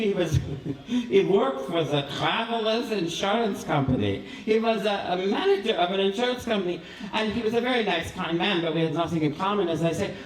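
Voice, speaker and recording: A man performing a flamboyant male cabaret host with a vague put-on European accent, telling rambling, self-mocking stories live in a small venue. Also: high voice. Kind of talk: live stand-up monologue. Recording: roomy live venue, far from the mic.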